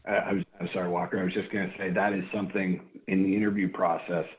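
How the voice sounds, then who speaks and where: A man's voice: low-pitched, fast. A man talking earnestly as a guest in a casual interview. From Ohio. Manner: earnest, animated when acting out phone calls. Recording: tinny phone-like line.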